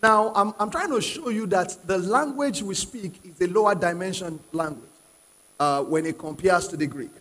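A man's voice: sits high, normal speed, fairly bright tone. A male pastor preaching a sermon to a live congregation, emphatic and repeating key phrases, often asking the crowd to answer. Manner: asks the congregation questions and prods them to answer. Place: church hall with live congregation. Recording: long reverb of a large hall.

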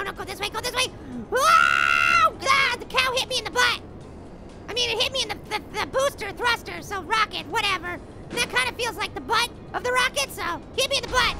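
Little Apple, squeaky hyper cartoon apple. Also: female voice. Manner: giddy, laughs often, coins silly catchphrases, shouts at game. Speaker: gameplay commentator. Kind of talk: cartoon gaming commentary. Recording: game music playing behind the voice. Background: game music and sound effects.

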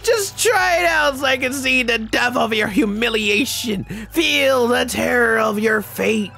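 A cursing demon from a video game, pitched far above his own voice and swooping wildly as it hams up every threat. It drawls its taunts slowly and bursts into shouts, with faint music underneath. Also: lively intonation, gravelly, exaggerated voice. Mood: gloating. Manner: hammy, drawn-out villain gloating with shouted taunts. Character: gloating cursed-chest demon, male, theatrical and cruel. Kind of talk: video game dialogue read-along.

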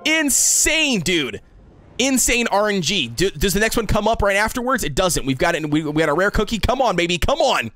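A young man streaming a mobile game, reacting with loud hype and saying "dude" and "bro" constantly. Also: high voice, very animated, moderate pace, no room sound, soft background music. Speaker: gaming streamer. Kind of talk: excited livestream gacha reaction.

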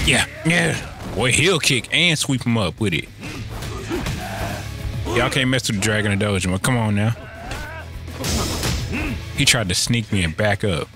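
A man's voice: lowish voice, measured pace, long pauses, over music. A man giving loose, profane gameplay commentary, full of slang and playful trash talk aimed at the screen. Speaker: let's play gamer.

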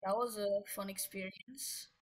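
A woman's voice: mid-range voice, a little slow, darkish tone, poor audio. A woman giving rambling, self-mocking commentary while playing a game, easily flustered. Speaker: gamer. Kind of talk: gameplay commentary.

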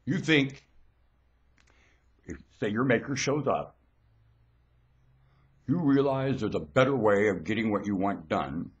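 A man giving a rambling webcam monologue, swinging between low mutters and sudden shouts, recorded on a webcam mic at home. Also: animated, measured pace, pauses often, breathy edge, muffled recording.

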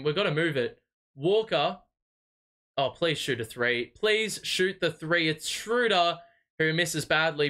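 A young man does live fan play-by-play, his slightly high voice bright and forceful. He is excitable and exasperated, and he swears freely at his own team. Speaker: fan watch-party host.

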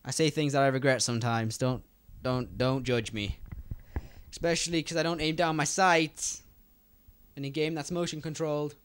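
A young British man giving fast, rambling gameplay commentary and talking straight to his viewers. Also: a little high, steady tone, clear, resonant tone. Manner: fast, rambling, chatty, addresses viewers directly. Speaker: gaming YouTuber.

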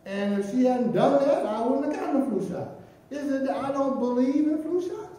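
A middle-aged pastor preaching a sermon, swinging between loud emphatic lines and near-whispered ones. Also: male voice, very high voice, normal speed. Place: church sanctuary. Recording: very echoey church room from a distance.

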